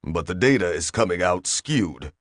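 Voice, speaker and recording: Guy doing a low nasal alien science officer, sour and deadpan, dry sound. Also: normal speed, no room sound.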